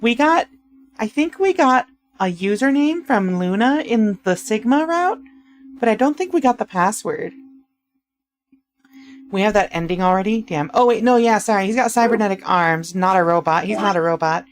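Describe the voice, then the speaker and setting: A woman's voice: medium pitch, animated, normal speed. A woman streamer chatting casually with her viewers during a live game stream.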